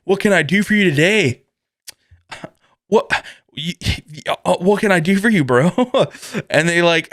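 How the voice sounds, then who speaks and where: A man's voice: fairly high pitch, no echo, clean studio sound. A man hosting his own podcast, talking casually and rambling with lots of fillers, often laughing and acting out voices. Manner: animated storytelling with mimicked voices. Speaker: podcast host. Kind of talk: casual solo podcast chat.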